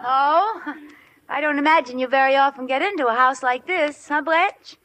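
A woman delivering quick, wisecracking lines in a 1940s radio comedy. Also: high voice, fairly bright tone. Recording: scratchy old radio recording.

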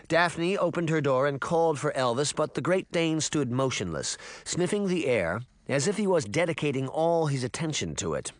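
Guy reading an audiobook, lively up and down delivery, dry close sound. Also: fairly high pitch, normal speed, hardly any pauses, no echo. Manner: expressive storytelling. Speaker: audiobook narrator. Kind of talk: scripted narration.

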